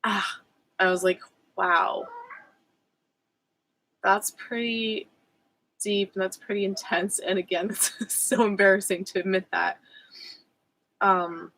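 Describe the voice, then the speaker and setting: A woman's voice: mid-range voice, flat delivery, takes it slowly, pauses often, pushed and bright, rough recording. A woman speaking as a spiritual coach in a personal vlog, candid and reflective, with frequent fillers and self-corrections. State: emotional.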